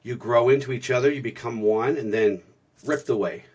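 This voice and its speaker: This man has a medium-pitched, darkish, slightly rough voice and speaks at a moderate pace. Co-hosting a spiritual podcast, he shares stories casually, earnestly and reflectively, often beginning his sentences over.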